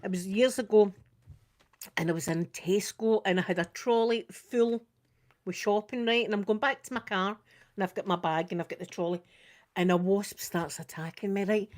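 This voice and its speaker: An older Scottish woman with a mid-range voice speaks at a normal speed while doing her makeup on a live vlog. She chats casually, telling stories animatedly and acting out screams and quotes.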